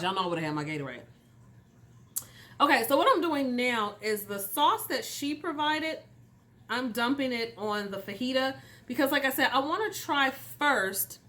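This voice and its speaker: A woman's voice: mid-range voice, bright, forceful tone. A young adult woman, a mental health coach and channel host, chatting casually with viewers while eating on camera. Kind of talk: casual mukbang vlog chat.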